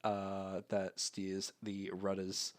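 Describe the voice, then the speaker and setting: A man narrating as game master in a measured, descriptive way. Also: sits low, completely flat delivery.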